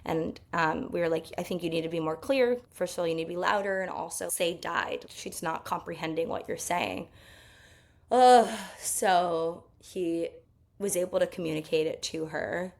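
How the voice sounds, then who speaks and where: A young woman recounting a personal story, open and emotional, leaning on fillers as she talks. Her voice sits a little low and carries a gravelly fry. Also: normal speed. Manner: candid, emotional, many fillers. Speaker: podcast host.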